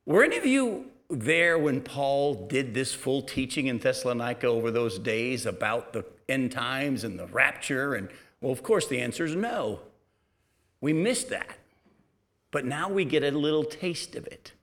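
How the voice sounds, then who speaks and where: Middle-aged pastor, slightly high voice, easygoing storytelling sermon. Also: male voice, expressive, moderate pace. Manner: conversational storytelling, sometimes drops to a quiet, low delivery.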